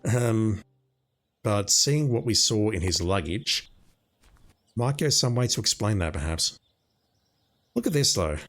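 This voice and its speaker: A man's voice: on the low side, animated, unhurried, long pauses, a bit bright. A man giving casual commentary while playing a video game, thinking aloud as he goes. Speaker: let's play commentator.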